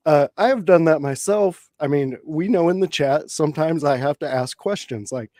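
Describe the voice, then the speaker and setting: A man's voice: fairly high pitch, normal speed, mellow, no room sound, clean studio sound. A man co-hosting a casual livestream chat, talking thoughtfully and hesitantly with many fillers. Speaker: podcast co-host.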